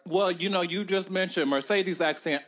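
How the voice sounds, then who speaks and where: A man's voice: high voice, moderate pace, a bit bright, muffled recording. A man as podcast co-host, chatting enthusiastically and playfully. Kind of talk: casual enthusiastic chat.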